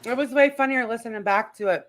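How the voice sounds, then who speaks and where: A woman's voice: fairly high pitch, fast talker, no room sound. A woman hosting casual commentary, chatting with lots of fillers and giggles. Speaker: YouTube commentary host.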